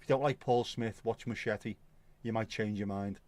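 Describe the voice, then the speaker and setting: With a lowish, darkish voice, fairly even intonation, and a moderate pace, a middle-aged man hosts a livestream without any room sound. He reads viewer comments casually, laughing and swearing often.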